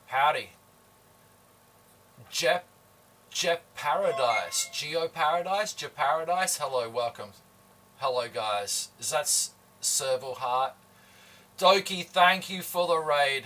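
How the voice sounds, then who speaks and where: A man from Adelaide with a slight Australian accent, chatting casually with his livestream viewers while he cooks. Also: on the high side. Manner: slow, relaxed, chatty, greeting viewers. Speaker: livestream host. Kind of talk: casual chat while cooking. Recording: voice somewhat far from the mic.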